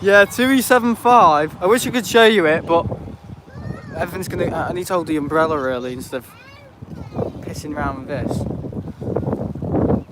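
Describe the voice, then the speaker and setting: A man's voice: on the high side, normal speed, long pauses, noisy background. A man chatting loosely on a live stream from an airport viewing park, rambling, laughing and reading out his chat. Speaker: planespotting livestreamer. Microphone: handheld tablet.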